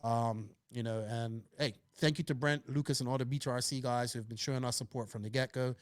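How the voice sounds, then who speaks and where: A man's voice: medium pitch, steady tone, a little fast, no echo, studio quality. A man hosting a casual podcast, upbeat and chatty as he reads out listener questions. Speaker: podcast host.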